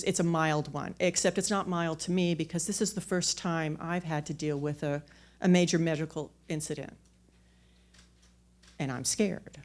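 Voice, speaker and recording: A woman's voice: fairly low pitch, a little mellow. Candid woman telling a story on stage. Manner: candid, self-mocking, with repeated restarts. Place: theater stage.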